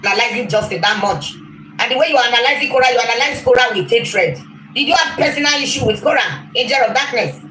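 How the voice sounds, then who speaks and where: A woman's voice: on the high side, expressive, fast talker, pushed and bright. A woman on a livestream, scolding and insulting a rival over and over. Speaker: rival online commentator. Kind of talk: clip of a livestream rant. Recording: echoey room with faint noise.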